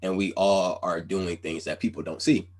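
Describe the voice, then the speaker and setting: A man's voice: low-pitched, level tone, moderate pace, a little mellow. A man hosting a casual podcast interview, earnest and rambling, full of "you know" and "like". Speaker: podcast host.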